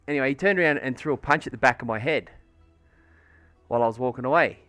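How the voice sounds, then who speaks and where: Bright, sweary Australian bloke. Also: male voice, medium pitch, fast talker, no room sound, soft background music. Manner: rambling, sweary storytelling with lots of fillers. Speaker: livestreamer painting miniatures. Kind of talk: casual chat while painting on stream.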